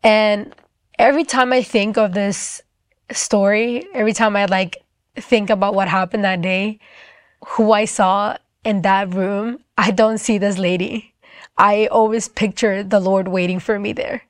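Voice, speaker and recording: A woman's voice: medium pitch, steady tone, measured pace, no room sound, studio quality. A young woman telling a personal testimony in a casual way, with lots of "like" fillers. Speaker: storyteller.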